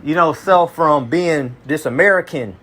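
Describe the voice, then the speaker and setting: Unhurried and a little bright, this high-leaning male voice belongs to a Kentuckian running a small Bible study group. His talk is conversational and full of slang, and he keeps asking "you see what I'm saying" to confirm listeners are with him.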